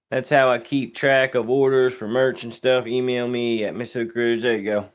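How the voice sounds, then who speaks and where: A man's voice: medium pitch, flat delivery, normal speed, few pauses. A young man, a taxidermist, chatting casually on a live stream, greeting viewers by name and joking as he works. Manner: laid-back, greets viewers by name, Southern-style casual grammar.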